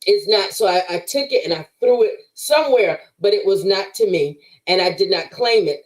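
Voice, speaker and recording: A woman's voice: mid-range voice, expressive, moderate pace, poor audio. A woman guest on a podcast giving an emphatic, preacherly faith testimony in conversation, speaking straight to her listeners.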